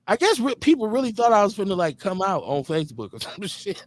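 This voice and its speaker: A man's voice: high-pitched, very animated, quick pace, few pauses. A man hosting a live talk show, joking, streetwise and profane in casual banter. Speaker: host.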